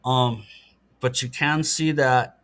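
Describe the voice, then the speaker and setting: Slow and steady in tone, a middle-aged man speaks in a fairly bright, medium-pitched voice as a podcast guest. He talks casually in the interview, explaining things with earnest matter-of-factness.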